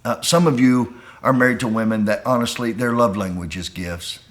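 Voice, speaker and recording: A pastor preaching to men on a call, pleading and impassioned, dropping quiet and then rising to a near shout. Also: male voice, medium pitch, moderate pace.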